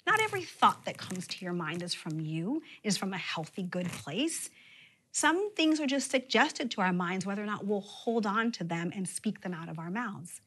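A woman pastor preaching a sermon, with expressive emphasis and sudden drops to a near-whisper. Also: medium pitch, moderate pace, breathy edge.

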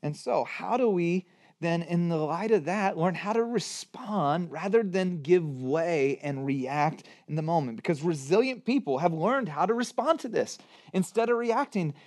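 A pastor with a high-pitched voice delivers a sermon in an animated way, relying on rhetorical questions and hitting key words with strong emphasis. He speaks a little slowly.

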